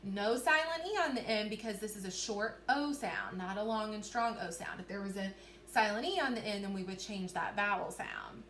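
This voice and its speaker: A woman teacher giving a recorded reading lesson to children, encouraging and clear, slowly sounding out words. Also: mid-range voice, expressive, a bit bright. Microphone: recorded to camera for video. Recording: echoey room, faint background hiss.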